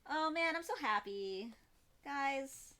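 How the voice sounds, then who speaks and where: A young woman chatting on a live stream, talking in a loose, rambling way with lots of expression. Her voice sits a little higher than most women's. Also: lively intonation, slow pace, sharp tone. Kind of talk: casual live-stream chat.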